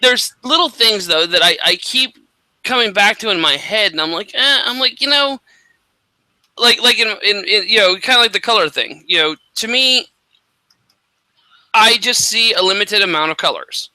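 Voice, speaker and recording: Halting, bright-voiced man in casual talk. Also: high-pitched, lively intonation, no room sound, poor audio. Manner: halting, many restarts and fillers. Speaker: podcast co-host. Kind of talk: casual chat.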